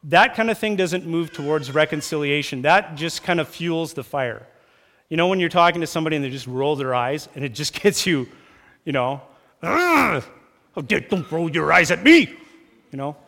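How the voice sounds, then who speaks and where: A man preaching a sermon as pastor, talking lively and acting out quarrels in raised voices. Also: a little high, moderate pace. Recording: long church hall reverb.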